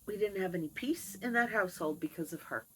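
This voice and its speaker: A woman's voice: medium pitch, lively intonation, fast talker, a bit bright, slight background noise, rough recording. A middle-aged woman vlogger telling a candid personal story to camera in a chatty, wry way. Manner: chatty, wry, talks to her cat between stories. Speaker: video blogger.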